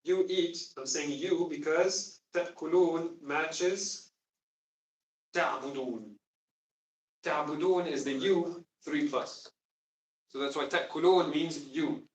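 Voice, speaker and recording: A man's voice: on the high side, fast, slight background noise. A man teaching a Quran class, explaining emphatically and quizzing his students. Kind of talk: classroom lesson. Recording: echoey room, distant mic.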